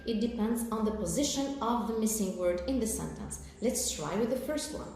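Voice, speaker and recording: A woman with an Algerian accent teaching an English lesson, explaining slowly and carefully with fillers and frequent "okay?" checks. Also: fairly high pitch, lively intonation, warm tone. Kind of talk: recorded televised lesson. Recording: very echoey room with faint background noise.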